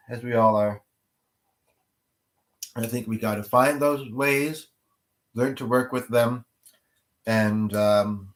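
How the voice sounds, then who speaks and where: A man hosting a livestream, chatting casually with viewers, rambling and thinking aloud as he goes. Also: medium pitch. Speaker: livestream host.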